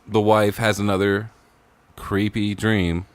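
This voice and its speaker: A man with a notably deep, low voice chatting loosely on a podcast. He wanders through ideas with plenty of fillers, and the mic is close and dry. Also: flat delivery, takes it slowly, clean tone, dry recording. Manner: rambling, full of "like" and "maybe". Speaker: podcast co-host. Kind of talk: casual brainstorming chat.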